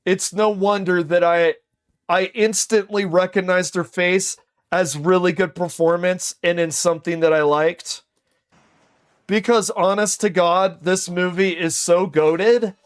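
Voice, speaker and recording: A male streamer reacting to a video in casual chat. He is slangy, keeps saying "dude" and thinks out loud. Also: high voice, clean tone.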